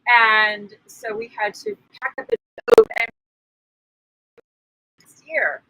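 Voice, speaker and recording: Animated high-voiced woman telling a story. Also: takes it slowly, background noise. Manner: animated, acts out quoted voices, laughs often. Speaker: spiritual teacher co-host. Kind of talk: casual storytelling.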